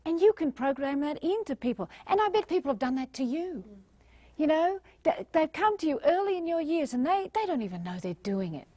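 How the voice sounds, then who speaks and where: Lively Australian woman giving a motivational talk. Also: high voice, a little fast, dry recording. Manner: animated, emphatic, acts out little scenes. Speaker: motivational speaker.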